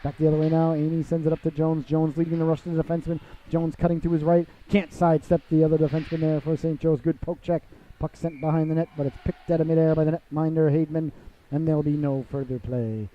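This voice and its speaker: A man calling a hockey game live, his voice sitting a bit high. He talks to the listeners in a chatty, showy way and rises into excited calls on big plays. The sound is muffled and lo-fi, like an old broadcast. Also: fast, hardly any pauses. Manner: chatty and theatrical, calls the audience "ladies and gentlemen". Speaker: play-by-play announcer. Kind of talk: live hockey play-by-play commentary. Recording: dull lo-fi broadcast audio.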